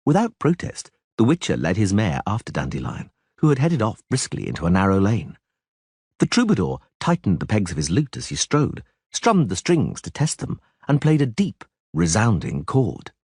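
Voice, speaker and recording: A man narrating a fantasy audiobook with expressive, animated storytelling. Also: fairly low pitch, normal speed, husky, no room sound, clean studio sound.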